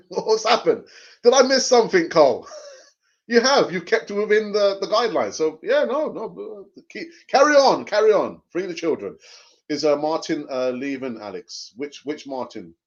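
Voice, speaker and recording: Man, fairly high voice, passionate live stream host, repeats himself for emphasis, dull lo-fi audio. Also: animated, normal speed. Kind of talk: live stream chat reading viewer comments.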